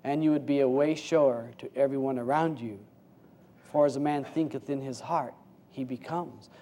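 Man, spiritual teacher, folksy sermon, relaxed dark voice, rhetorical questions, shifts from hushed to raised. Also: medium pitch, moderate pace, slight background noise. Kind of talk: informal sermon.

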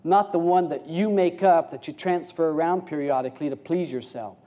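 A man teaching as a spiritual speaker in an informal sermon, folksy and full of rhetorical questions, swinging between hushed low passages and raised, quicker ones. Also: lo-fi sound.

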